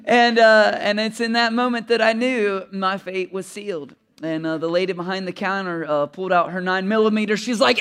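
High-voiced pastor telling a funny story. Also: male voice, moderate pace, fairly bright tone, clear, resonant tone. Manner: conversational and humorous, asks the audience questions, often chuckles. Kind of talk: sermon with personal storytelling.

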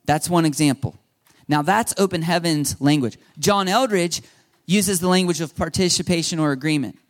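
A man's voice: a little high, moderate pace. A man in his thirties preaching a sermon in a conversational way, repeating himself and laughing now and then. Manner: conversational, repetitive, laughing asides. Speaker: pastor.

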